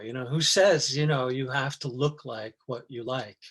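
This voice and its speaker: A man's voice: mid-range voice, moderate pace, few pauses, a bit bright, breathy edge. A middle-aged man talking casually as a guest, rambling and restarting his sentences with many fillers. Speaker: guest actor. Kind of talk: casual chat.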